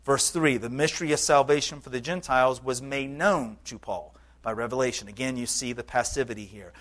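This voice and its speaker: Male pastor, mid-pitched, earnest conversational sermon delivery. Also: fairly quick, fairly bright tone. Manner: earnest, conversational preaching with occasional fillers.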